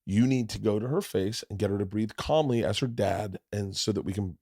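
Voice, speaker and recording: Animated, profane storytelling man. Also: fairly low pitch, a little fast, no room sound, studio quality. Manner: animated, profane, swings from loud to hushed. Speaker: podcast host. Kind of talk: casual storytelling.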